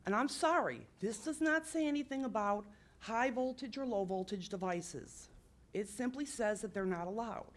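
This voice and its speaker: A woman's voice: a little high, moderate pace. A woman speaking at public comment in a village council meeting, upset and insistent, apologizing for her emotion while pressing her complaint.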